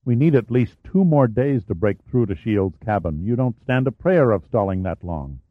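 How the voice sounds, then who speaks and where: A man's voice: fairly low pitch, expressive, moderate pace, no room sound, narrow, tinny audio. A man doing an irritable, skeptical director. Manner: irritable, doubtful.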